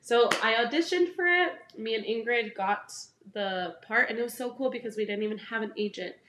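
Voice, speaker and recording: A young woman talks about her dance career in a relaxed, animated way, acting out the people in her stories. Her voice sits a little high. The room around her is echoey. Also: a little fast, a little hiss or hum. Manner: animated storyteller, acts out quoted voices. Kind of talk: casual interview chat.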